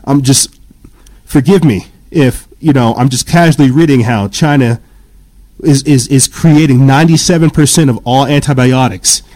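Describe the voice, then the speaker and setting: Agitated man, mellow voice. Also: mid-range voice, normal speed. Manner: agitated, repeats and restarts, keeps apologizing. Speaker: podcast host. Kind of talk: heated commentary reading an article.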